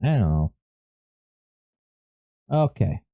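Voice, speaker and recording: A streamer talks through what they are doing in a loose, rambling way and keeps correcting themself mid-sentence. The pitch swings up and down a lot, while the words come out slowly. The desk mic sounds dry and a little dull. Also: very animated, gravelly, dry recording. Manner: rambling, thinking aloud, self-correcting. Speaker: live streamer. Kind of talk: casual live-stream chat.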